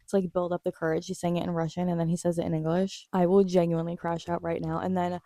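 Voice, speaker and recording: Young female vlogger, animated and gushing, mellow low tone, dry close-miked sound. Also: fast talker, few pauses, dry recording. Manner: gushing, animated, swears casually, laughs often. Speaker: vlogger recapping a TV episode. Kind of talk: casual excited recap chat.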